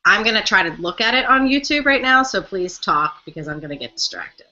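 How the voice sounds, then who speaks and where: A woman's voice: medium pitch, sing-song, brisk, sharp tone. A young woman co-hosting a casual live-stream fan chat, chatty and giggly, easily distracted. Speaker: co-host of a fan chat show. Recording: dull lo-fi webcam audio.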